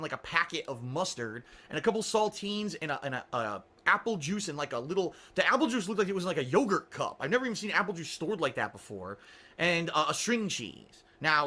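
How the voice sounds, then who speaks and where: A man with a high, bright voice recounts a story on his radio show. His pitch swings widely as he vents in sarcastic disbelief. He swears freely and quizzes his listeners with rhetorical questions. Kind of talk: casual storytelling. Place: small studio.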